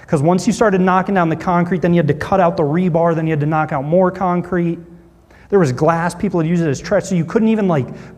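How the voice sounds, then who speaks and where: A pastor telling a story in a sermon, animated and acting out what people said. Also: male voice, a little high, big-room sound.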